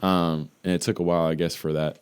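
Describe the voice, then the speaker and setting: A very deep-voiced man from Wisconsin talks with his co-host over a video call. He rambles in a loose, teasing way, full of restarts and asides. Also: flat delivery, fast, clear, resonant tone. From Wisconsin, USA. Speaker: podcast co-host. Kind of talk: casual chat.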